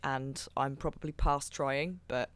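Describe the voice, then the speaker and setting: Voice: mid-range voice, fairly even intonation, unhurried, a bit bright, clear, resonant tone, no room sound. A tabletop game player, chatty and jokey. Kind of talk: casual tabletop play.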